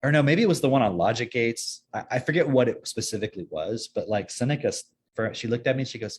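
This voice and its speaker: Man, podcast host, husky voice, casual rambling chat, lots of "like" and restarts. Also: medium pitch, lively intonation, brisk. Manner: rambling, many fillers and restarts.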